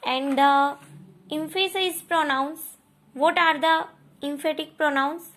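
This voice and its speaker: High-voiced Indian woman teaching English grammar. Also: steady tone, slow pace, pauses often, a bit bright. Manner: explains then repeats points, frequent "okay" and "understood" checks. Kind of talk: online grammar lesson.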